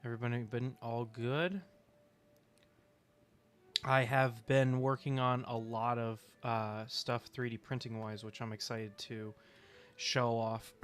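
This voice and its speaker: A young man chatting casually on a game stream, rambling with fillers, clearing his throat and hiccuping now and then. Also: mid-range voice, fairly even intonation, slow pace, fairly bright tone. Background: faint music.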